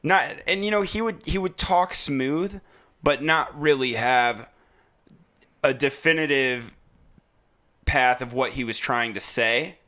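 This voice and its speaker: A man chats on a casual podcast, tossing in hunches and opinions. His voice is sharply bright and crisp. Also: mid-range voice, slow, pauses often. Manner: chatty, speculative, jumps in with opinions. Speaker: podcast co-host.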